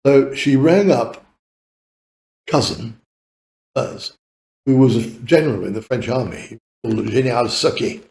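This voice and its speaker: A man's voice: medium pitch, animated, measured pace, vocal fry, long pauses, darkish tone, roomy sound. A man in his eighties with a British accent, telling long rambling stories as a podcast guest, laughing often and swearing casually. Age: 80s. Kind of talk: rambling anecdotal storytelling.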